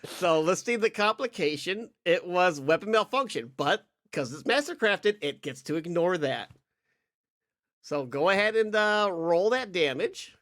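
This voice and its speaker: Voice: mid-range voice, animated, measured pace, a bit bright. A game master narrating a tabletop game, rambling and full of filler words.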